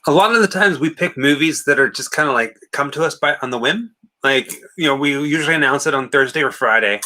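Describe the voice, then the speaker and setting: A man's voice: fairly high pitch, brisk, sharp tone. A man co-hosting a late-night movie watch-party stream, chatting casually and reading out viewer comments before answering them. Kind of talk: casual live-stream chat.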